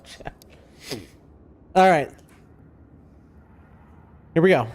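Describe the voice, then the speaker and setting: A man live-streaming a video game, chatting excitedly with his viewers. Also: a little high, slow pace, long pauses. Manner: excitable, chatty, talks to chat. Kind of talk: live gameplay stream chat.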